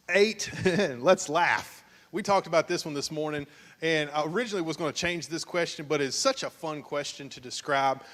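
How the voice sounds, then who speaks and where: A man's voice: a little high, bright, forceful tone. A man, a pastor hosting a couples game show at his church, teasing and joking with the crowd. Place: church sanctuary, at the altar. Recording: long church hall reverb.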